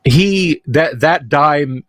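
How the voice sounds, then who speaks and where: Slow, halting game master man. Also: on the high side, no room sound. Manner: slow, hesitant narration with many fillers. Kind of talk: narrating a tabletop game on a livestream.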